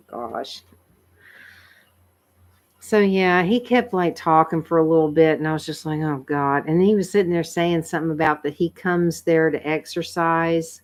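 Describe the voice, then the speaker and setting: A woman's voice: low voice, a little slow, long pauses. Chatty, tired woman streamer. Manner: chatty, laughs often, many fillers. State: tired, frog in her throat. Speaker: livestream host. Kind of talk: casual chat with viewers. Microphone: computer microphone.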